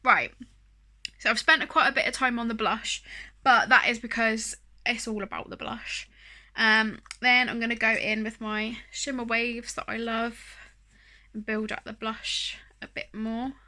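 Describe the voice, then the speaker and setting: A woman's voice: fairly high pitch, steady tone, a little slow, pushed and bright. A woman chatting casually through a makeup tutorial, rambling and self-deprecating, with plenty of fillers. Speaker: beauty vlogger.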